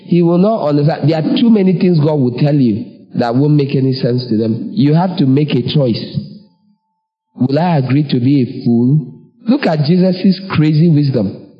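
A man's voice: on the high side, animated, normal speed, highs cut off. A man preaching a sermon emphatically, asking the congregation rhetorical questions. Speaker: pastor.

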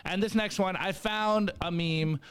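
A man co-hosting a live podcast with a smooth, resonant voice sitting a little high. He reads memes aloud and hypes the crowd with preachy energy. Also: a little slow. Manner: energetic, preachy hype talk. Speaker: co-host reading memes. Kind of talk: enthusiastic podcast chat.

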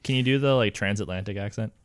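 A young man in his twenties co-hosting a podcast, chatty and quick to laugh, with lots of fillers. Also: on the low side, dry recording, studio quality. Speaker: podcast co-host. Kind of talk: casual chat.

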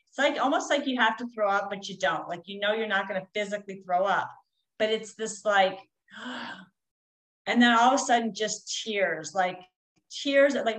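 A woman's voice: medium pitch, fairly bright tone, rough recording. A woman, a coach, telling a personal story in a candid, rambling way with frequent fillers.

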